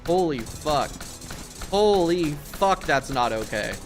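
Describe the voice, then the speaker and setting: A male streamer in a live gaming session who rants at his chat, swearing freely and sounding exasperated. His pitch jumps around a lot, and faint game music plays under his voice. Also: big pitch swings, moderate pace, a bit bright. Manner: profane, ranting, exasperated at chat.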